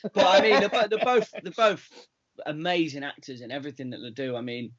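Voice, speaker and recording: A man co-hosting a podcast, chatting casually and excitably with lots of restarts and repeated words. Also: a little high, fairly quick. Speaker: podcast co-host. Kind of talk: casual chat. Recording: muffled lo-fi remote audio.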